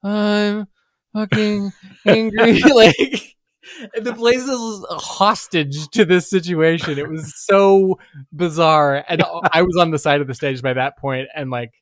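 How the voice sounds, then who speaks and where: A man's voice: a little high, unhurried, no echo, studio quality. A man telling a rambling anecdote as a podcast guest, full of filler words and laughing as he goes. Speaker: musician guest. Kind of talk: casual podcast storytelling.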